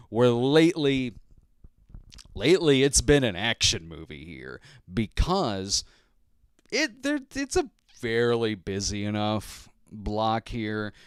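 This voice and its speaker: Low, smooth-voiced man telling stories. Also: no room sound, clean studio sound. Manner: rambling, chuckling, acts out others' lines. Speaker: podcast host. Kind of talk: casual storytelling monologue.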